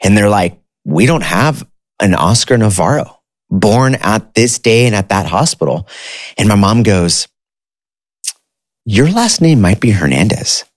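A man's voice: lowish voice, animated, a little slow, no room sound, studio quality. A man in his thirties casually telling a personal story, with a conversational manner full of "like" and "dude". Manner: conversational, uses filler like "like" and "dude".

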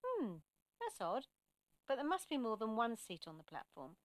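A woman voicing a devoted woman waiting for her lost fiancé, lifting her voice higher for the part. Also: wildly swooping pitch, moderate pace, no room sound. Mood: puzzled. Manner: raised, heightened voice for her speech.

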